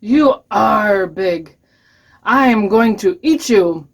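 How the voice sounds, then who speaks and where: A hungry old troll guards his bridge in this storybook voice, put on by a woman reading aloud. Every word comes slow, loud and threatening, like he's in no hurry at all. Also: medium pitch, animated. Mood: gruff. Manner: slow, loud, menacing demands.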